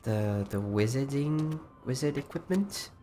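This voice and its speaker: A man's voice: mid-range voice, expressive, unhurried, warm tone, soft background music. A man hosting a casual livestream, chatting loosely with frequent restarts while walking viewers through his creation. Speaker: livestream host.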